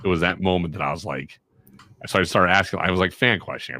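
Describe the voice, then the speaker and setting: A man from Chicago, a radio and voiceover guest, telling animated, self-mocking stories in a casual podcast chat. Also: deep voice, quick pace, no echo. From Chicago, USA.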